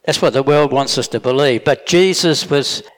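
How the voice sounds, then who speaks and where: A man's voice: mid-range voice, moderate pace. A middle-aged man preaching a sermon in a plain-spoken, emphatic way, often correcting himself mid-sentence. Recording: long reverb of a hall.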